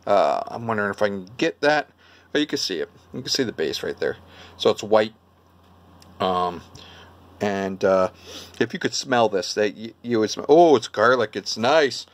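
A man's voice: on the low side, animated, moderate pace. An older man with a Brooklyn accent, chatting casually in a rambling cooking vlog full of fillers and restarts. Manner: rambling, chatty, lots of fillers and self-interruptions. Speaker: vlogger.

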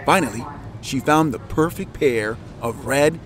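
A man reading a children's picture book aloud in an animated storytelling style, putting on voices for the characters. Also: a little slow, crowd noise. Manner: animated, voices characters with big pitch jumps. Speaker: storybook narrator.

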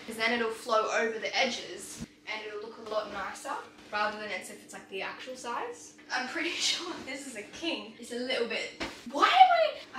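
A young Australian woman chatting casually in a home vlog, bubbly and quick to exclaim. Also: fairly high pitch, echoey room, noisy background. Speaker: vlogger. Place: room at home.

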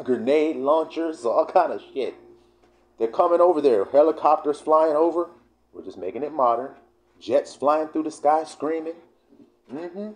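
A man teaching from the Bible, who reads verses slowly and then explains them in blunt, profane slang. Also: medium pitch, a little mellow. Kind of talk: casual scripture teaching video.

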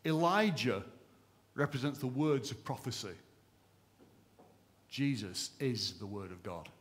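A man preaching to his congregation. His sermon builds with fervent, rhythmic repetition, and his pitch sits in an ordinary middle register. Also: expressive, unhurried. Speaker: pastor. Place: church service.

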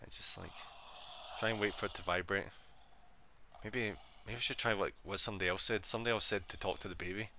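A man's voice: fairly low pitch, fast talker, slight background noise. A man streaming a horror game live, swearing often, counting aloud and talking to himself as he works out the puzzle. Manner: swearing, excitable, talks to himself. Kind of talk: live gameplay commentary.

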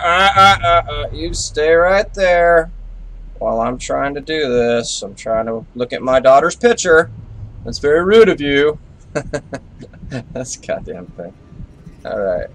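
A man's voice: medium pitch, gravelly, fairly bright tone. A young man giving live commentary on a horror game, jumpy, swearing and scolding the characters on screen. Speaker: let's play gamer.

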